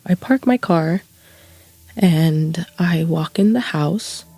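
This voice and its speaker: A woman's voice: lowish voice, slow pace, mellow, slightly rough, no echo. A woman interviewee recounting a personal loss, emotional and acting out her own past words, over a faint music bed. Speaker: widow interviewee.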